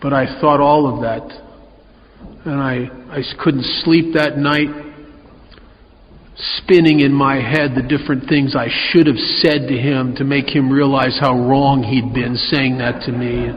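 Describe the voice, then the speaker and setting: A man speaking at a recovery meeting, telling his own story with wry, animated delivery in a hall. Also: medium pitch. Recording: muffled, reverberant hall recording.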